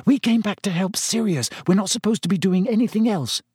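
A man's voice: high voice, a little fast, a little mellow, husky, no room sound, clean studio sound, voice pushed up. A man voicing an anxious, bossy teenage schoolgirl witch who talks in urgent, insistent bursts. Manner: urgent, insistent whispering and snapping.

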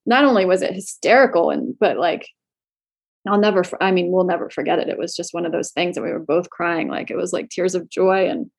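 A woman's voice: fairly low pitch, a little fast, gravelly, slightly rough. A woman from Florida, co-founder of a clothing brand, telling stories in a casual interview with lots of fillers and laughter. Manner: chatty, animated, laughs often, many fillers.

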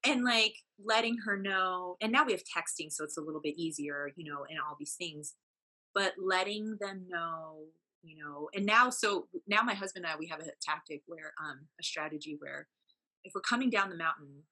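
A woman speaks candidly as a podcast guest. Her voice sits a little low but sounds bright and forceful, and she talks earnestly, full of fillers and restarts. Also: moderate pace. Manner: earnest, many fillers and self-corrections. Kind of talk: candid personal storytelling.

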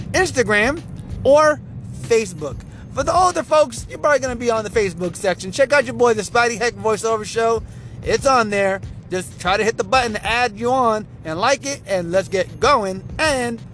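A man's voice: high-pitched, a bit bright, slight background noise. A male podcast host chatting casually and rambling while he drives. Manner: rambling, self-promoting, chatty. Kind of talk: casual chat. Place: car while driving.

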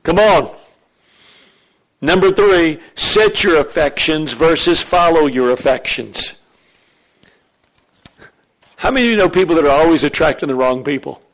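A man preaching a sermon as pastor, animated and joking with his congregation in a church. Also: a little high, a little slow, long pauses, rough recording.

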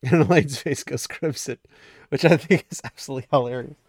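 A book recap host casually runs through a fantasy novel, chatty and amused, laughing at the story and lightly voicing the characters along the way. He's a man with a medium-pitched, slightly rough voice and a brisk pace. The recording is dry and studio quality.

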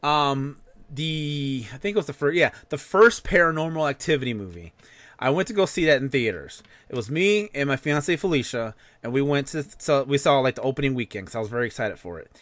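A man's voice: medium pitch, lively intonation, a little fast, a bit bright, no echo. A man co-hosting a podcast, ranting casually and swearing freely. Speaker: podcast co-host. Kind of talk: casual rant.

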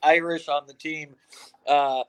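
Energetic American man hosting by phone. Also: fairly high pitch, takes it slowly, clean tone. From United States. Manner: energetic, hype opening, many fillers and restarts. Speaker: host. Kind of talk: casual online interview.

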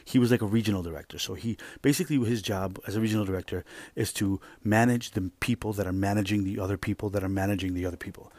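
Husky-voiced man telling a rambling story. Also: fairly low pitch, dry recording. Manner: rambling, profane, animated retelling. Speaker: podcast host. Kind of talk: casual storytelling.

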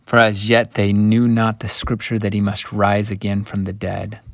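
A man teaching a scripture lesson, retelling the story in an animated way that swings between hushed and lively. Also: on the low side, normal speed, vocal fry, no room sound.

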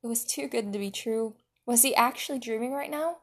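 A woman reading fan fiction aloud with expressive narration. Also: on the high side, brisk, breathy edge. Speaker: reader.

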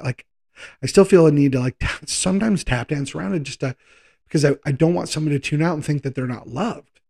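A man preaching a sermon in a conversational way, slowing down for emphasis and speeding through quick asides. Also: mid-range voice, darkish tone. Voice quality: gravelly, husky voice.

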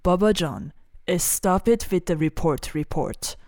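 A woman voicing a stern middle-aged Iranian father, slow and lecturing. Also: on the low side, darkish tone, no room sound, studio quality, lightly acted.

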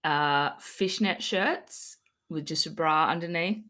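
A young Australian woman with a slightly low voice chats on a podcast with cheeky humor and the odd swear word. A mild lisp from fresh fillings softens her consonants. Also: slow. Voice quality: slightly lispy from dental fillings. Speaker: podcast co-host. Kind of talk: casual podcast chat.

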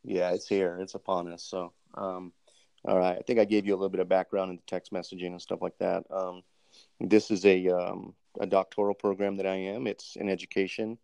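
Man host for an interview: very low, gravelly, hesitant, polite. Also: level tone, fairly quick, dark tone, no room sound. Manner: hesitant, many ums, polite and formal. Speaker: podcast host, army master sergeant. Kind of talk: casual interview hosting.

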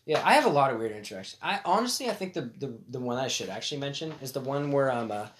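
A man's voice: medium pitch, animated, quick pace, a bit bright, slight background noise. A young man telling rambling street stories in casual chat, laughing often and acting out the people he quotes. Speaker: co-host.

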